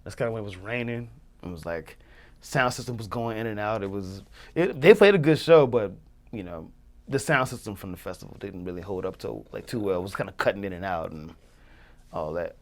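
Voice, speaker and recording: A man's voice: lowish voice, animated, fairly quick. A young man, a music producer, telling a story in casual chat, loose and full of fillers. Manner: loose, filler-heavy, many "like"s, acts out quotes.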